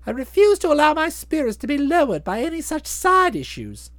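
A woman voicing a chatty, self-satisfied young gentleman in a bouncy, wordy way. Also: high voice, wildly swooping pitch, fairly quick, dry recording. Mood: startled. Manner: bouncy, wordy, fond of flowery phrases. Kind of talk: audiobook drama, narrating and voicing the hero.

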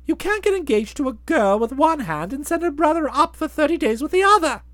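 A woman's voice: sits high, big pitch swings, fairly quick, a bit bright, no room sound. Woman playing a breezy, wordy young gent. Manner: bouncy, wordy, fond of flowery phrases. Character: chatty young English gentleman, breezy and self-satisfied. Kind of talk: audiobook drama, narrating and voicing the hero.

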